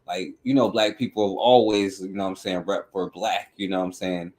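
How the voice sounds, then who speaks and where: Deep-voiced rambling male radio host. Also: steady tone, brisk, darkish tone. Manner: rambling, fills every phrase with "you know what I'm saying". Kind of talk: casual talk-radio commentary.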